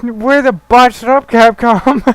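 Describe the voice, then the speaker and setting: A man plays along and reacts in short bursts, cursing and laughing at his friend's stories. His voice sits notably high for a man, and he speaks in an unhurried, slow way. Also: fairly even intonation, fairly bright tone, no room sound. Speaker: co-player. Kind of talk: casual gaming chat.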